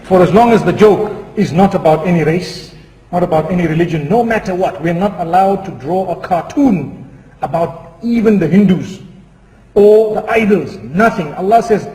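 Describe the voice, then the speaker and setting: A man preaching a sermon, telling a humorous story in a measured, moralizing manner with occasional chuckles. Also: sits high, warm tone. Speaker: Islamic preacher. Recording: echoey hall with faint noise.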